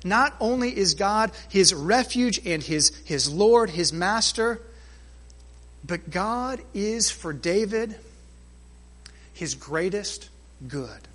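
A man preaching a sermon as pastor, emphatic, stretching and swelling key phrases, then dropping to quiet asides. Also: sits high, animated, slow.

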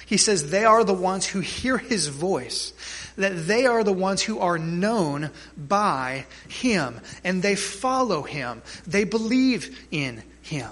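Bright-voiced, high-pitched male preacher. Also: sing-song, slow. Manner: emphatic preaching with rhetorical questions to the congregation. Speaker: pastor. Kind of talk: sermon.

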